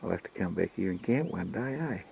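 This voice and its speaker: A man's voice: low-pitched, animated, brisk, vocal fry, low-quality recording. A man, narrating a casual travel vlog outdoors on the coast and chatting to his dog. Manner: chatty, talks to his dog, repeats himself. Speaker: travel vlogger. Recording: loud wind noise outdoors.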